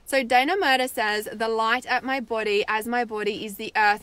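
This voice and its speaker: Bubbly woman healer hosting a live stream, fairly high voice, chatty and laughing between comments. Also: steady tone, moderate pace, fairly bright tone, clear, resonant tone. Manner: bubbly, laughs often, reads viewer comments aloud. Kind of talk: casual live-stream chat.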